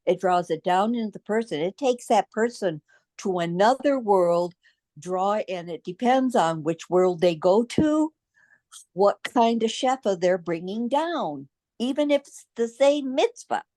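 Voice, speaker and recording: A woman's voice: mid-range voice, expressive, measured pace, dark tone, no echo. A woman taking part in a group religious study discussion, explaining her view in a reassuring way.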